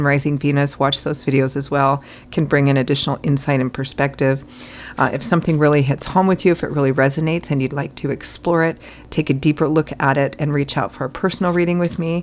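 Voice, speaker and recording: A hoarse woman from Ireland giving a chatty tarot reading, rambling with fillers and clearing her throat often. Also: low voice, slight background noise. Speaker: tarot reader. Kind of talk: casual tarot reading talk.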